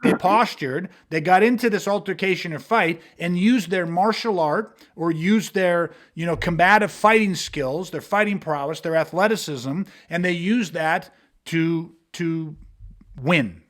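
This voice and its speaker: High-voiced guy on a podcast, blunt and sweary, hammering his points. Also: measured pace, a bit bright. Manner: blunt, profane, emphatic, uses hypothetical street scenarios. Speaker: martial arts instructor. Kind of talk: podcast conversation.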